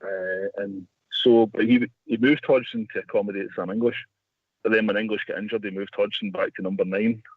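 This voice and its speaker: A man's voice: fairly low pitch, fairly even intonation, brisk, slightly rough, no echo. A man telling a long story as a radio guest, rambling with many restarts. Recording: phone line.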